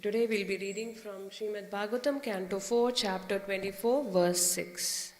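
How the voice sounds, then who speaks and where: Woman chanting slowly in an echoey temple hall. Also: medium pitch, steady tone. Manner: slow, measured call-and-response chanting. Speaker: scripture class leader. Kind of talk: chanting a verse line by line, then word-by-word reading. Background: music.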